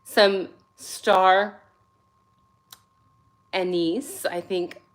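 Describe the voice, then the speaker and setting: Her delivery is flat and extremely slow, at a medium pitch. She's a woman in her forties hosting a phone livestream in her second language, English, tired but caffeinated, sassy and chatty as she greets viewers by name.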